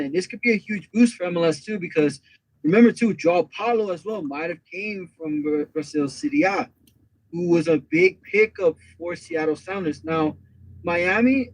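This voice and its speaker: A man co-hosting a casual soccer podcast over an online call, talking straight to the listeners in an animated way. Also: sits high, creaky, rough recording. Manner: animated, addresses listeners directly. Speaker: podcast co-host.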